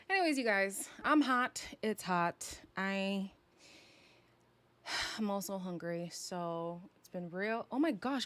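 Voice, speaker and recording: In a mid-range, fairly bright voice, this young woman from Canada chats casually on a live stream while reviewing a reality show. She's sassy and teasing, dramatic, and laughs often.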